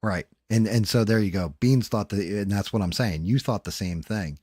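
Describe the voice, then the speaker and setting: A man's voice: lowish voice, moderate pace, darkish tone, no echo, clean studio sound. A man hosting a casual late-night livestream, tired and rambling, with loose, profane talk. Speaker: livestream host.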